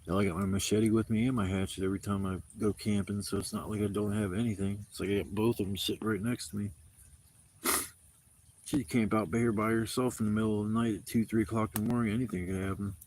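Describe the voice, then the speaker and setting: A man's voice: lowish voice, steady tone, quick pace, a little mellow, slight background noise. A man livestreaming from his outdoor campsite, telling rambling, profanity-laced stories in a casual way. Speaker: camping livestreamer.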